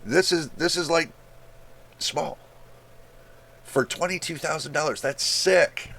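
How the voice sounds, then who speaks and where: Male tech vlogger, gravelly and a bit high, incredulous blunt rant. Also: slow pace, a bit bright. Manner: exasperated, incredulous, blunt with swearing. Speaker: tech YouTuber. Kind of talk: casual screen-share rant.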